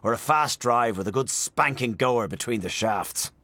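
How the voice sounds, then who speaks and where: A man voicing a hearty gentleman in a storybook reading, speaking stoutly. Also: medium pitch, lively intonation, normal speed, dry recording.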